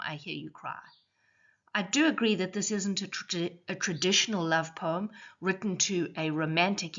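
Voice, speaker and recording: A woman teaching a poetry lesson, explaining clearly and slowing down to stress syllables. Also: medium pitch, fairly bright tone, muffled recording.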